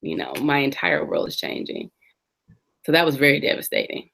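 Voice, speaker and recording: A woman in her forties, an interview guest, earnestly telling her personal story with reflective pauses and restarts. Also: a bass voice, very animated, gravelly, a bit bright.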